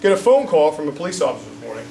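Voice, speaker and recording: A fairly high-voiced man, a political candidate, gives an indignant, storytelling speech at a press conference and keeps checking in with the crowd. His voice reaches the microphone from a distance, and a roomy echo and faint background hum are clear behind him. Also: big pitch swings, very fast, dark tone.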